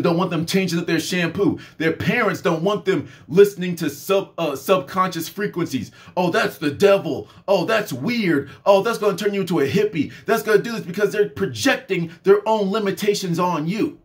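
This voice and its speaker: A young adult man giving an impassioned, preachy rant straight to his audience as a spiritual and health vlogger. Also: high voice.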